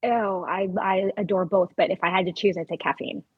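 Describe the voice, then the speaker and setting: A woman guest on a podcast, chatting casually and telling stories with quick one-word answers. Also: medium pitch, fairly even intonation, breathy edge, no room sound, narrow, tinny audio. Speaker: guest actor.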